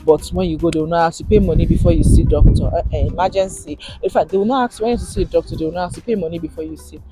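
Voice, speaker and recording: A woman's voice: on the low side, rapid-fire, loud music behind the voice. A woman in her thirties from Nigeria with a Nigerian accent, chatting animatedly in a vlog and slipping into pidgin. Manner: animated, mixes in pidgin, laughs often. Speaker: vlogger. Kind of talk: casual chat.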